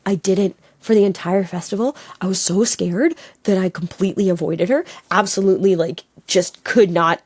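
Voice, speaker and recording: A woman from Canada telling a personal story in an interview, animated and laughing, acting out her own quotes. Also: medium pitch, normal speed, few pauses, slightly rough. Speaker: storyteller guest. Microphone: on camera, video call.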